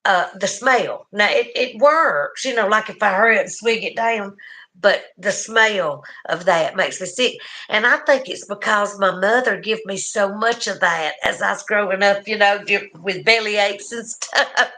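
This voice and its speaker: A middle-aged woman with a Southern US accent hosting a casual livestream, chatting warmly with viewers and laughing often. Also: mid-range voice, unhurried. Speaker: livestream host.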